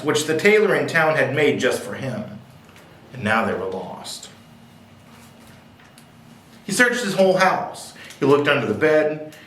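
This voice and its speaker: A man's voice: mid-range voice, fairly bright tone, slight background noise. A man reading picture books aloud at a library, with playful, jokey asides. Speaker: library storyteller. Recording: echoey room, distant mic.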